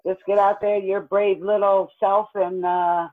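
Male co-host, high-pitched and sarcastic, heard through a thin telephone-like line. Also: level tone, unhurried. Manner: sarcastic, mocking. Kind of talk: casual podcast chat.

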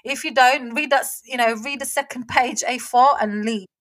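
Animated high-voiced woman. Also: normal speed. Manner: animated, indignant storyteller. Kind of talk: casual chat.

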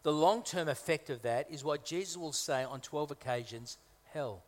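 Speaking at normal speed in a slightly high voice, a Maltese man preaches as a guest in a church hall. His sermon is conversational, with humorous asides and emphatic repetition, and the recording carries the hall's reverberation.

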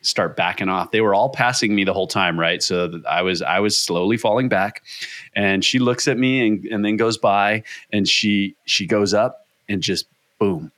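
Deep guy on a podcast, all hyped telling his story, swears a lot, dry mic. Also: moderate pace, no room sound. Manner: excited storytelling, swears freely. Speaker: podcast guest, triathlete. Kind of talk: casual chat.

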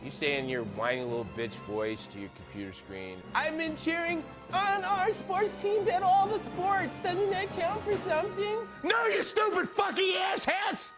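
A man's voice: extremely high pitch, normal speed, few pauses. An actor playing a furious young woman sorority officer who rants and swears in a dramatic reading over music. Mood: screaming. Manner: profane, seething, building to screaming. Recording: loud music under the voice.

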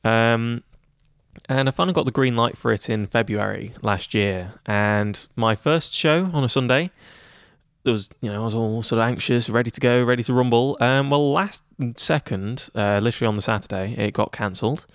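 A young man in his twenties talking in a relaxed interview, chatty and self-deprecating with lots of fillers. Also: medium pitch, moderate pace, clean tone, no room sound, clean studio sound. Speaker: head of news at student radio. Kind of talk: casual interview chat.

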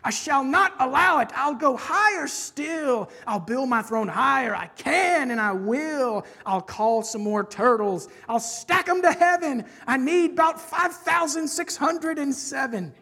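A woman shouting as Yertle, the bragging turtle king. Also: high voice, expressive, unhurried, few pauses, voice pushed up, heavily acted. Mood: bellowing, proud. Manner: shouting, bellowing, commanding. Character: boastful, bossy male turtle king, loud and proud.

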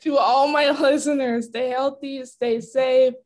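A woman hosts a podcast in a high, bright voice. She is upbeat and giggly as she chats, then reads a friendly outro to her listeners. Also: fairly even intonation, measured pace. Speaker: podcast host. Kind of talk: casual interview chat and outro.

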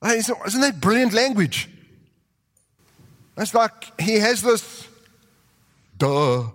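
A man preaching a sermon with animated delivery, acting out quotes and rising to shouts. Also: high-pitched, takes it slowly. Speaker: pastor. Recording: long reverb of a large hall.

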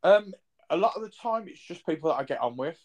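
A man's voice: a little high, lively intonation, fast, a little mellow. A man hosting a podcast. He chats casually, tells stories and uses lots of ums. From Birmingham, England. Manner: chatty, storytelling, lots of ums. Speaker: podcast host. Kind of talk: casual chat.

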